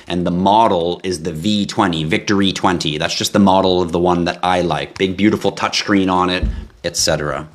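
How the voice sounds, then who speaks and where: Man, very deep voice, livestream host, casual and animated, talks to viewers. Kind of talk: casual live-stream chat.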